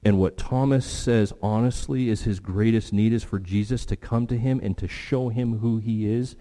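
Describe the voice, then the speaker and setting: Emphatic low-voiced male preacher. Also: steady tone, dark tone. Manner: emphatic, slowing on key phrases. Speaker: pastor. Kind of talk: sermon.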